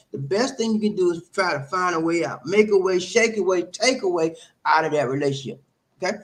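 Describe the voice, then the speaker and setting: A man giving relationship advice to camera in a preachy, emphatic way, full of rhetorical questions and repetition. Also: high voice. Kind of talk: talking to camera, advice monologue.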